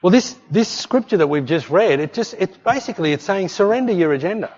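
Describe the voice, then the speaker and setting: Preaching in a fast, expressive manner, this middle-aged pastor has a high-sitting voice with a darkish tone. His sermon is emphatic and repetitive, full of shouted "hey"s to the congregation and reminders of "don't fret." Long hall reverb fills the dull, lo-fi audio.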